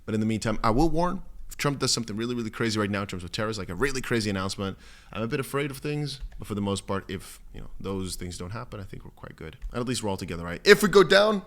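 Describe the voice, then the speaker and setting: A man hosting a casual crypto news video, chatty and animated, with a strained, cracked voice. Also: lowish voice, racing. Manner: animated and chatty, acts out panicked viewers. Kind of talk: casual to-camera market update.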